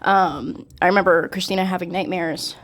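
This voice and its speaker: A woman's voice: fairly low pitch, fairly even intonation, normal speed, fairly bright tone. A young woman co-hosting a casual chat, teasing and unbothered. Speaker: co-host.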